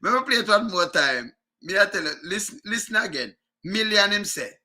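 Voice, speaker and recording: A man's voice: sits high, expressive, moderate pace, pushed and bright. A man with a Jamaican accent giving casual commentary, arguing his point over and over and chuckling as he goes. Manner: argumentative, repeats himself, chuckles often.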